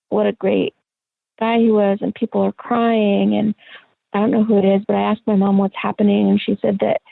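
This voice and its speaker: A middle-aged woman, an interview guest, telling a personal story in a halting, reflective way with many fillers. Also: medium pitch, gravelly, no echo. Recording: tinny phone-line sound.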